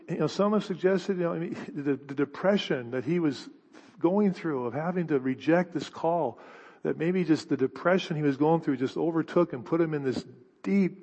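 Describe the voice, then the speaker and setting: A middle-aged man preaching a conversational sermon, often restarting his sentences. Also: on the high side. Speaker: pastor. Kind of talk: expository sermon. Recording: dull hall reverb.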